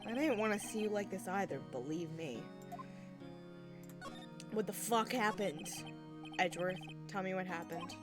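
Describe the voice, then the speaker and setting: A woman's voice: medium pitch, moderate pace, pauses often, over music, natural voice. A woman voicing an earnest young male defense lawyer in a plain, earnest way.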